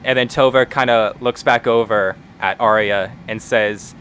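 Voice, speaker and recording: A man's voice: fairly low pitch, steady tone, measured pace, few pauses, fairly bright tone, slight background noise. A man narrating as game master in a casual way, with many "uh"s and "kinda"s. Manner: casual, filler-heavy narration.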